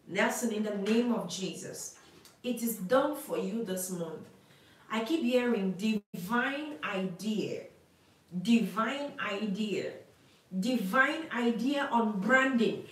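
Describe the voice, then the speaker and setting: A woman's voice: fairly high pitch, distant mic. Woman prophesying in an echoey room. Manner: declaring and repeating phrases, speaking in tongues. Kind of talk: live prophetic prayer session.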